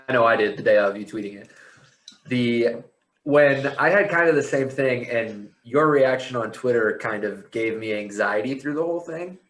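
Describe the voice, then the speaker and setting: A man's voice: medium pitch, fairly bright tone. A young man co-hosting a casual podcast, chatting and breaking in with laughs and side comments. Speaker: podcast co-host. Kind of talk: casual chat. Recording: echoey room with faint noise.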